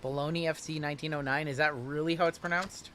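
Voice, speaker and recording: A man's voice: on the high side, steady tone, quick pace, bright, forceful tone, a little hiss or hum. Chatty man hosting a card break stream. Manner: loose and chatty, rattling off names with frequent uh fillers.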